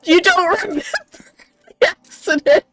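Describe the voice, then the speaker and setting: A woman's voice: extremely high pitch, normal speed, bright, forceful tone. A woman livestreaming a game, chatting casually, giggling often and reading chat messages aloud.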